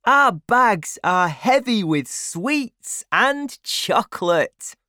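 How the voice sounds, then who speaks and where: A lively young boy in a children's storybook, eager and forthright, voiced by a woman. His voice is high and pushed forward. The sound is close and dry. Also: drawn-out words, no echo, full character voice.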